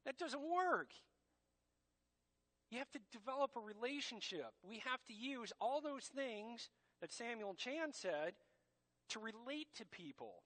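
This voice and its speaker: A man's voice: very high-pitched, sing-song, unhurried, a bit bright. A man preaching a sermon as pastor, emphatic and direct, addressing his congregation as church.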